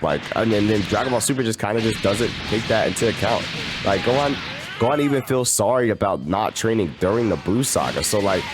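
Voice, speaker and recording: A young man with a deep, low-pitched voice rambles in an exasperated, slangy rant while he plays. Game music plays clearly behind him. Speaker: game streamer. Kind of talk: casual rant while gaming. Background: video game music.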